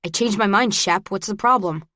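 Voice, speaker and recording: A woman's voice: mid-range voice, moderate pace, pushed and bright, dry recording, studio quality, natural voice. A woman voicing a confident, reckless young college man who speaks casually in an audiobook. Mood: easy.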